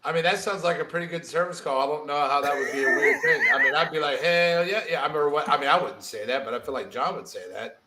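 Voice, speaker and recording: A man's voice: fairly high pitch, quick pace, few pauses, sharp tone, a little hiss or hum. A man co-hosting a podcast in casual, jokey, teasing chat. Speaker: podcast co-host. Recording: roomy echo.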